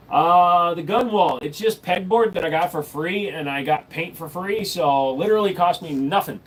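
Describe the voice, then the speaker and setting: A man's voice: high-pitched, moderate pace, few pauses, slight background noise. A man casually chatting with his stream viewers, crude and rambling, cracking jokes. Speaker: streamer answering chat. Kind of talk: casual live stream chat. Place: home room with gun wall.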